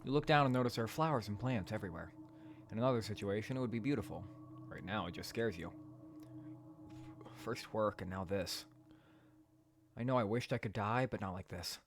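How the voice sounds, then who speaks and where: A man reading a horror dating game aloud in a quiet voice, breaking into loud, profane rants between passages. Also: on the low side, brisk, pauses often, slight background noise. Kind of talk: let's play narration and commentary.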